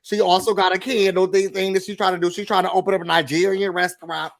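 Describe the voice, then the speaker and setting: Recap host, male, high voice, animated gossipy chat. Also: quick pace, creaky. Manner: animated, mimics cast members in gossipy asides.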